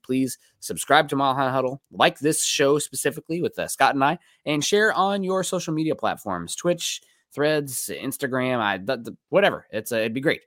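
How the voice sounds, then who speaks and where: A man talks quickly and casually as host of a sports podcast, wandering through thank-yous and plugs. His voice sits mid-pitch and close to the mic, with a dry, dead room around it. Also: a bit bright, no room sound. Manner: loose, rambling, thanks listeners by name.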